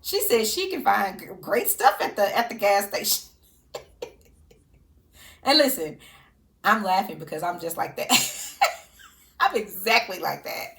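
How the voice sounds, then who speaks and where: A woman's voice: medium pitch, expressive, a little slow, pauses often, a bit bright. A woman giving casual, sassy reality TV commentary. She laughs often and talks to her subjects directly.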